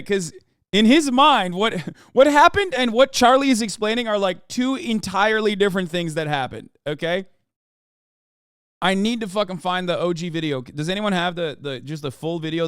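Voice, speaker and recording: A man in his thirties streaming, reacting to a video in casual, profane, animated commentary. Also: high voice, clear, resonant tone, no echo, studio quality. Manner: profane, animated, repeats "okay?" often.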